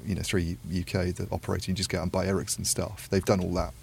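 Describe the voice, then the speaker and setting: Deep, gravelly man, flat delivery. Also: fast talker. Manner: thoughtful, rambling with many asides. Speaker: podcast panelist. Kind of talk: casual analytical discussion.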